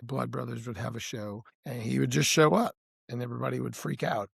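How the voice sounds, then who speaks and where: Gravelly man telling road stories. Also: mid-range voice, a little fast, dry recording, studio quality. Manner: relaxed storyteller, restarts and "you know"s. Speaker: blues musician guest. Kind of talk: casual interview chat.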